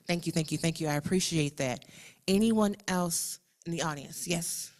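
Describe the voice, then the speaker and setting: A woman with a Southern US accent leading a workshop, animated and repeating herself, calling out the audience. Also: lowish voice, moderate pace. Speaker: workshop facilitator. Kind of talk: energetic workshop facilitation. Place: conference room with audience.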